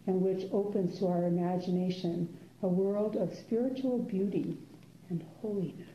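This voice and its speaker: An older woman, a meditation teacher, giving an unhurried, musing dharma talk to a class, with soft laughs and pauses. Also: on the low side, steady tone, slight background noise. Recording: roomy, dull lo-fi room recording.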